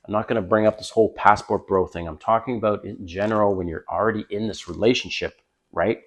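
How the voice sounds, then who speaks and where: Blunt older man with a lowish voice. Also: fairly even intonation, fast talker. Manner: blunt, opinionated and emphatic. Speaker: dating advice vlogger. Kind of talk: casual advice monologue to camera.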